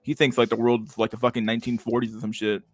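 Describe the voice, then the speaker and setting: A man's voice: mid-range voice, little pitch movement, fast talker, no room sound, soft background music. A man hosting a livestream, talking in a sarcastic, profane and mumbling way. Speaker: streamer host. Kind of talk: casual livestream commentary.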